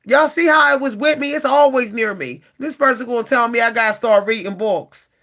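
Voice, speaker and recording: A woman vlogger speaks straight to her viewers in a casual, animated way. Her voice is bright and forceful, and she sounds exasperated. She often circles back and repeats herself as she vents. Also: a little high, fairly quick. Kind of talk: casual talk to camera.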